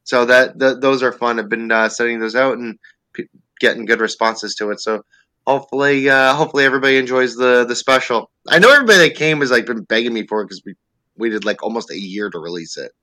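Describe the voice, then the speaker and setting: Animated, bright-voiced storytelling comedian. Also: male voice, medium pitch, fast, dry recording. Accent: New Jersey. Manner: animated storyteller, acts out his own panicked voice. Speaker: stand-up comedian, guest. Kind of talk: storytelling in a podcast interview.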